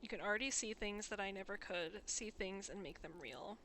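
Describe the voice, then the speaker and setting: A woman's voice: medium pitch, fairly quick, very noisy, lightly acted. A woman reading a dying old father, tender.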